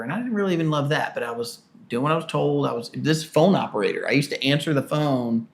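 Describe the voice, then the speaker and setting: A man in his early forties, a podcast co-host, telling a work story in a casual, animated way and acting out the people in it. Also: medium pitch, fairly quick, creaky. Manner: animated storyteller, acts out quoted people loudly.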